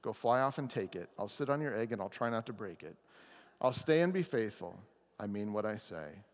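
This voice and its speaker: A man voicing a huge, gentle and faithful male elephant from a rhyming storybook, reading slowly and earnestly. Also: fairly low pitch, animated, in a large hall, pitched below the performer's own voice.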